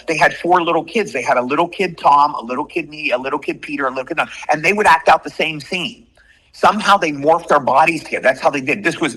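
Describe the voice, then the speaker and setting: A man in his sixties rattles through his stories at a fast clip, circling back and repeating himself. His voice sits a little high, bright and husky. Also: rough recording. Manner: animated, repetitive storytelling. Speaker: guest actor. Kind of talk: storytelling in an interview.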